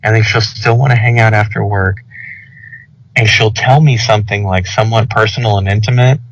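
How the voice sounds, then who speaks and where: Rambling young guy, gravelly. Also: on the low side, fairly quick. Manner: rambling, lots of "like" fillers, animated retelling. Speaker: podcast co-host. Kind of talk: casual storytelling chat. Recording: dull lo-fi audio.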